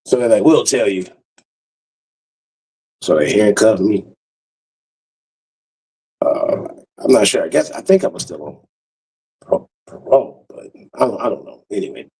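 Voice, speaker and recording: A man telling a profane, animated story and acting out the other people's voices. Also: fairly high pitch, low-quality recording. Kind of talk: casual storytelling monologue.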